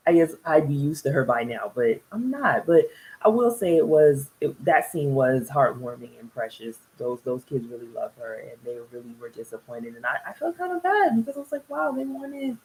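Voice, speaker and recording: A woman's voice: low-pitched, very animated, moderate pace, a little mellow, poor audio. A young woman casually recapping a reality TV episode, chatty and rambling, often laughing between thoughts. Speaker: TV reality show reviewer.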